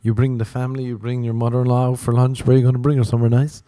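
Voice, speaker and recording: A man's voice: medium pitch, level tone, racing, dark tone, no echo, clean studio sound. A young Irish man hosting a podcast, rambling through a profane, self-mocking comic monologue. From Ireland. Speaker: podcast host. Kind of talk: casual comedic monologue.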